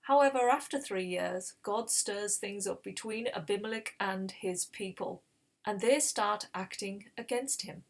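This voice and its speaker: A woman's voice: medium pitch, a little slow, vocal fry. A woman hosting a Bible reading channel, retelling scripture in a casual, conversational way with explanatory asides.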